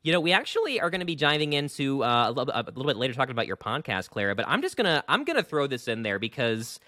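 A man hosting a casual gaming podcast, rambling and animated with lots of fillers. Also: mid-range voice, racing, dry recording, clean studio sound. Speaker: podcast host.

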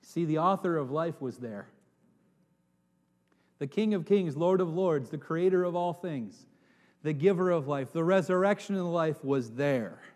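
A high-voiced man preaching a sermon to his congregation. He drops to a hush, then rises to dramatic shouts. His voice rings out with a long reverb in the church hall. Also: measured pace. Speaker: pastor.

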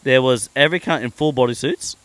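A man's voice: mid-range voice, fairly quick, no echo. An Australian man, a podcast guest, telling a story in casual, heavily sweary talk. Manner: swears constantly, animated storyteller. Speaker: podcast guest, pro angler.

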